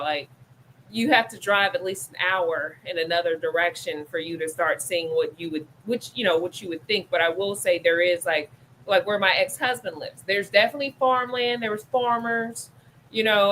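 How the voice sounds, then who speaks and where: Casual talk: middle-aged woman, crisp bright tone, lively stories with quoted voices, slight hiss behind. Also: mid-range voice, moderate pace, low-quality recording. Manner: animated storyteller, acts out quoted voices. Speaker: podcast co-host. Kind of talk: casual discussion.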